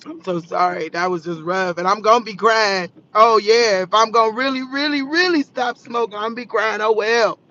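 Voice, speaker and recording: A woman's voice: mid-range voice, moderate pace, bright, forceful tone, highs cut off. A woman going live from her parked car at night, giving a fervent, tearful testimony and laughing through the tears. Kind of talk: emotional live-stream testimony.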